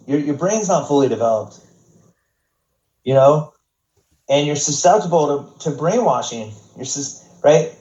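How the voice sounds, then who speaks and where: A man's voice: fairly high pitch, darkish tone. Rambling, profane American man. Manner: profane, rambling, many restarts. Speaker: podcast guest. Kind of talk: casual storytelling. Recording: roomy, dull podcast audio.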